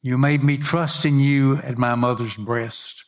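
A man's voice: medium pitch, fairly even intonation, measured pace. A middle-aged male pastor preaching a sermon in an earnest way, reading scripture aloud and lifting his voice on the quoted cries.

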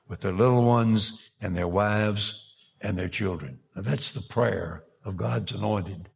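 A man's voice: on the low side, unhurried, vocal fry, breathy edge. An older man preaching a sermon, reading scripture aloud and breaking off for folksy asides.

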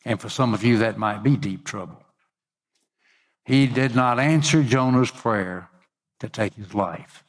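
A man delivering a sermon from the pulpit. He preaches with lively expression and lets his voice climb and grow louder when he acts out quoted words. His pitch sits in an ordinary middle range for a man. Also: a little slow, long pauses. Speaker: pastor.

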